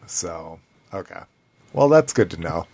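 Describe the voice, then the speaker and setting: A man hosts a podcast in easygoing chat. He talks slowly in a slightly low voice and drops casual swearing into his banter. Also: animated, vocal fry, a little mellow, slightly rough. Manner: loose, swearing, laughing banter. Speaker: podcast host.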